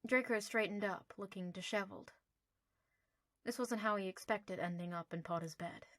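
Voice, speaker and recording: A woman narrating an audiobook in a lively, playful storytelling manner. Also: medium pitch, normal speed, no echo, clean studio sound.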